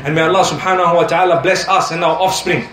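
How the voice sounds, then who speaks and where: A man with a high voice delivers a sermon in an echoey hall. He talks in an animated, humorous way, telling stories and mixing in Arabic phrases. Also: fast, a crowd in the background. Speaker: preacher. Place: lecture hall on tour.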